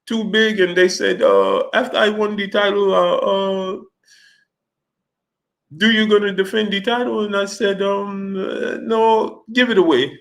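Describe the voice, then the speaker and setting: A man doing an impression of a famous middle-aged boxer, speaking in a halting, hesitant way full of fillers. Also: high voice, voice pushed up. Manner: halting, filler-heavy, stumbling restarts.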